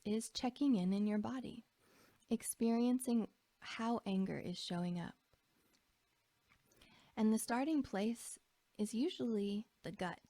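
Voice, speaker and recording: Gentle woman talking you through a body check-in, gravelly low-key voice, slips into whispers. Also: no room sound. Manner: gentle, often drops to soft whispers. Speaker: emotional wellness teacher. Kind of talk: guided reflection talk.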